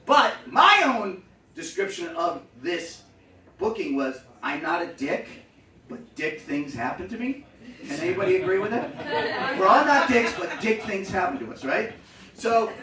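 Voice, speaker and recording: A man telling funny stories to a live audience, acting out other people with loud shouted voices. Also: high voice, normal speed, crowd noise. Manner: animated, acts out shouting voices. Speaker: comedic storyteller. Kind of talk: live storytelling set. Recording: echoey room, mic from a distance.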